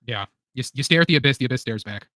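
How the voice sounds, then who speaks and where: A man's voice: mid-range voice, expressive, rapid-fire, pushed and bright, no echo. Joking man on a live stream. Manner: joking, laughs often, teasing. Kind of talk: casual chat.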